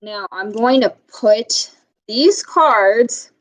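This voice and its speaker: A woman reading a storybook to children and leading a speech lesson, modeling sounds slowly and patiently with exaggerated emphasis. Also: fairly high pitch, expressive, slight background noise, rough recording.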